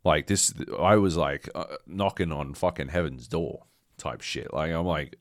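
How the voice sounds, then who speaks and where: A man's voice: a bass voice, a little slow, no room sound, clean studio sound. A man co-hosting a podcast, telling a rambling, profane story with dramatic quoted asides, still carrying a slight cough. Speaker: podcast co-host. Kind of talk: casual chat.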